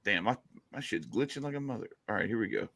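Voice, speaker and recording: A man's voice: fairly low pitch, animated, fast talker, gravelly, a bit bright, dry recording. A man from Louisiana with a Cajun accent, hosting a casual podcast chat as a loose, joking storyteller. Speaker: podcast host.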